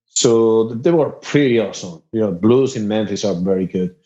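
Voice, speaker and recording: A man from Spain with a Spanish accent, a musician guest telling stories in a casual, animated way. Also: on the low side, normal speed. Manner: animated, laughing storyteller. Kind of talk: casual storytelling interview. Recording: dull lo-fi sound.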